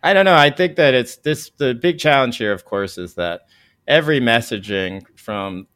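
A man's voice: medium pitch, lively intonation, moderate pace, fairly bright tone, dry recording. A man hosting a casual discussion, chatty and steering the conversation. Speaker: podcast host.

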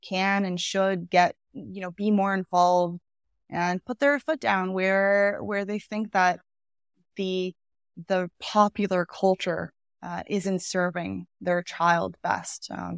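A woman hosting an interview, offering her own thoughts in a relaxed, filler-heavy way. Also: on the low side, slow pace, vocal fry, dry recording, studio quality. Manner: thoughtful, with many fillers like "you know" and "um". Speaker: podcast host. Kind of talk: conversational interview commentary.

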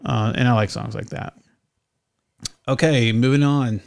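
Middle-aged guy cohosting, gravelly but smooth voice, rambles and restarts a lot. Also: medium pitch, steady tone, measured pace, darkish tone, no echo. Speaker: podcast co-host. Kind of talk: casual chat.

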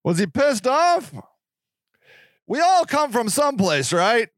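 A man's voice: very high voice, very animated, takes it slowly, dry recording, studio quality. A man in his sixties hosting a podcast, ranting in a profane, sarcastic way and laughing at himself. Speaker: podcast host. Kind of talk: casual ranting monologue.

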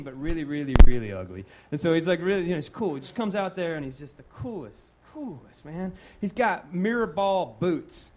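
A man's voice: high-pitched, background noise. A man on stage between songs, telling a meandering joking story, a little tipsy from drinking. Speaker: singer-songwriter on stage. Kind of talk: live stage banter. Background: loud guitar music.

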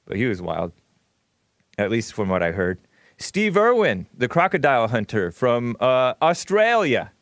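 A man's voice: lowish voice, very animated, moderate pace, no room sound, studio quality. A man hosting a casual livestream monologue, rambling with frequent fillers, restarts and chuckles. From California. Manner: rambling, laughs often, many fillers and restarts. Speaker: host.

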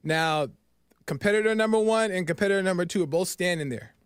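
A man's voice: high voice, a little fast, clean tone, no echo, clean studio sound. A man hosting a podcast, earnestly retelling a parable and reflecting on it, often tagging lines with "right?" and repeating himself. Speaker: podcast host. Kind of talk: storytelling reflection.

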